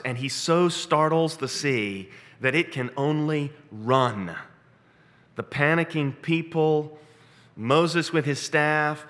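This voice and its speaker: A man preaching a sermon, animated, breaking into sudden high excited bursts when he acts out quotes. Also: in a large hall. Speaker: pastor.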